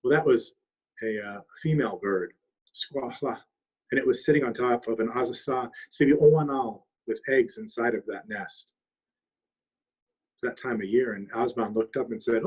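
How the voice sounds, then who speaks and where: A man telling a traditional trickster story aloud, lively and weaving in Abenaki words. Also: medium pitch, moderate pace, husky, poor audio. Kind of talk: oral storytelling. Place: longhouse.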